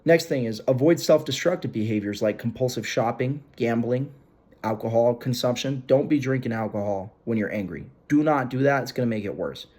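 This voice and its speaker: A young man gives advice to camera in a relaxed, slangy way, with a blunt coaching push behind it. His voice sits at an ordinary middle pitch. He keeps driving his points home by repeating them. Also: fairly quick. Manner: blunt, emphatic, repeats "you gotta". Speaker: self-help video host. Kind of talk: direct-to-camera advice talk.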